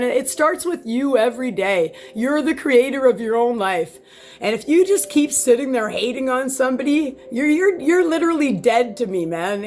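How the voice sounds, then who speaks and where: A woman vlogging from home in a casual, heated rant, rambling and swearing with lots of restarts, filmed by a camera set far back in the room. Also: fairly high pitch. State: sore back.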